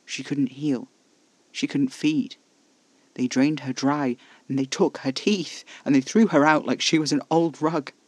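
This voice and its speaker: A man's voice: mid-range voice, level tone, normal speed, no room sound, close to an everyday voice. A man voicing a brooding, fiercely protective male vampire in an audio horror story, with clipped, intense speech. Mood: anguished.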